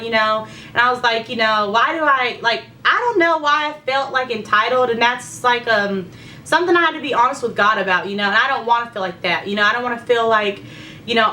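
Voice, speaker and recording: A woman's voice: on the high side, sharp tone, distant mic, a little hiss or hum. A young woman with heartburn chatting candidly through a pregnancy update, full of fillers and talk of faith. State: heartburn, secretly burping. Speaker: vlogger. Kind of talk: casual pregnancy update chat.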